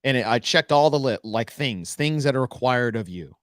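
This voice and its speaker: Podcast co-host, male, animated storyteller who voices the people in his story, dry close mic. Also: mid-range voice, moderate pace, no echo. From United States. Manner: animated storyteller acting out dialogue. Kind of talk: casual storytelling chat.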